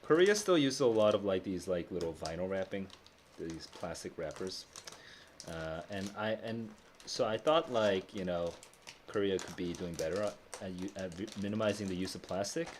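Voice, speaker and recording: A man chatting casually on a live stream, answering viewer questions at home. He sounds low on energy and talks in a laid-back, rambling way, with plenty of fillers. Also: animated, normal speed, a little hiss or hum.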